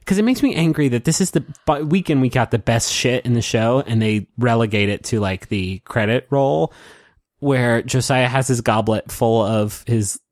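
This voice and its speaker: A man co-hosting a casual podcast, swearing freely as he rants about a reality show. His voice sits at an ordinary pitch for a man and is recorded close and dry, with no room sound. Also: moderate pace, dry recording. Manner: profane, animated ranting. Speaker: podcast co-host. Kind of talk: casual recap chat.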